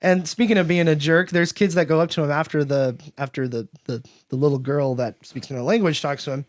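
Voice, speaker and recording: A man's voice: fairly high pitch, fairly quick, dry recording, clean studio sound. Man animatedly recapping a film. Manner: animated retelling, acting out characters' lines in raised voices. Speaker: podcast host.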